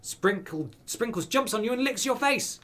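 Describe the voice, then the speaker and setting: A man's voice: extremely high pitch, animated, normal speed, fairly bright tone. A man streaming a dating game, reading the text aloud with playful, wry asides.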